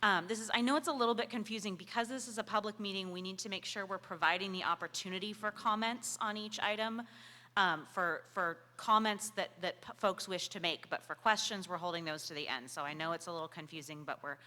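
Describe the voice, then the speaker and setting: Bright-voiced woman moderating a meeting. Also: medium pitch, brisk. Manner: friendly, explains procedure, reads a bio. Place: meeting hall. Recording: reverberant meeting hall.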